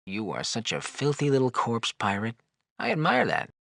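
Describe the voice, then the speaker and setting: A gravelly, mocking floating skull. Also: male voice, medium pitch, huge pitch swings, moderate pace, a bit bright, no echo, studio quality, heavily acted. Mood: wisecracking. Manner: teasing, flirtatious, sarcastic banter. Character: wisecracking, leering floating male skull. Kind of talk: video game dialogue.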